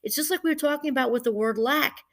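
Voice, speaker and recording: A woman's voice: high-pitched, fast talker. Chatty, digressive woman professor talking casually. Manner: chatty and digressive, with frequent restarts. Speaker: professor and podcast host. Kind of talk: casual teaching monologue.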